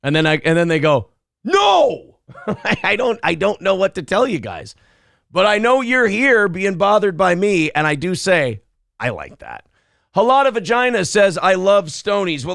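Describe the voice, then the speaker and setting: A man's voice: fairly high pitch, a bit bright, no echo, studio quality. A man hosting a live show, reading chat comments aloud and firing back at critics in a brash, taunting way. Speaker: show host.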